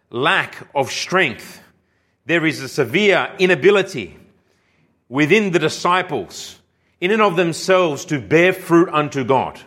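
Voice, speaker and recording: Male pastor, slightly high voice, measured emphatic sermon delivery. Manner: slow, emphatic preaching with deliberate pauses; drops low and quiet on key phrases.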